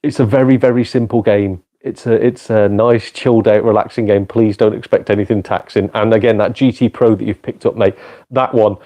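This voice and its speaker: Male streamer, laid-back low voice, cheeky and self-mocking with a lot of laughs. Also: steady tone, fairly quick, dark tone. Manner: chatty, self-deprecating, swears, laughs often. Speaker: gaming live streamer and part-time comedian. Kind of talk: casual live stream chat with viewers.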